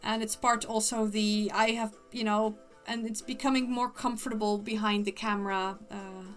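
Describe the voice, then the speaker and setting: A woman's voice: mid-range voice, flat delivery, normal speed, a bit bright, soft background music. A woman livestreamer chatting casually with viewers, rambling with lots of restarts. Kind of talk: casual chat.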